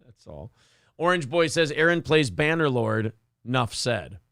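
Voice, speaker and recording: A man's voice: mid-range voice, big pitch swings, unhurried, fairly bright tone, no echo, studio quality. A man hosting a morning show, reading live chat aloud in a crude, joking, self-mocking way. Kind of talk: casual profane chat.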